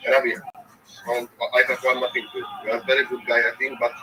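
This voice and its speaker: A man with a Polish accent, a native Polish speaker, chatting on a call in halting English. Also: mid-range voice, flat delivery. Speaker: caller. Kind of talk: casual chat. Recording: distant mic with background noise.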